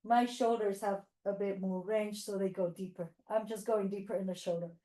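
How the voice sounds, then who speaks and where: A woman's voice: medium pitch, fairly even intonation, moderate pace, dark tone, roomy sound, poor audio. A woman teaching yoga teachers, cueing poses with encouragement and playful animal sounds for children. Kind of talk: instructional yoga demonstration.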